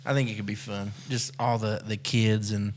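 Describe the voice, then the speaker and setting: Laid-back male podcast co-host, somewhat low voice, loose and profane. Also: little pitch movement, moderate pace, slight background noise. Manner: laid-back, swearing, laughing often. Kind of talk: casual chat.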